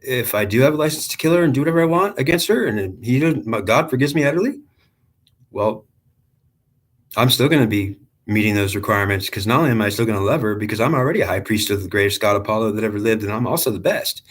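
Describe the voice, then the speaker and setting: A man speaking as a proud, anguished ancient male high priest in an earnest, self-justifying first-person monologue. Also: a bit bright, husky.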